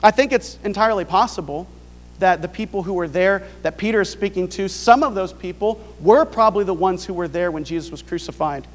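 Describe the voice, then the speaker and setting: A man's voice: high-pitched, brisk, in a large hall. A male pastor preaching a sermon, pressing his point with rhetorical questions.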